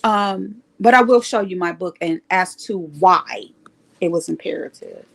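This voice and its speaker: A woman hosting a casual live stream, telling a story in an animated, emphatic way. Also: fairly low pitch, measured pace, gravelly. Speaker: livestream host sharing recovery story.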